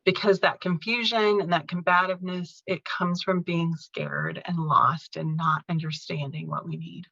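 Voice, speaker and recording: A woman telling a personal caregiving story in an interview, speaking earnestly and gently. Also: fairly low pitch, fairly even intonation, moderate pace, creaky, hardly any pauses, no room sound, lo-fi sound. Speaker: podcast guest, caregiving author.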